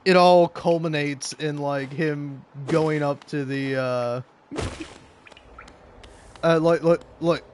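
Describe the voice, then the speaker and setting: Game commentator, male, slightly high-pitched, loose and rambling delivery. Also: fairly even intonation, slow, long pauses, slight background noise. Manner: rambling, filler-heavy storytelling, laughs often. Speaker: gaming video creator. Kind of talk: casual gameplay commentary.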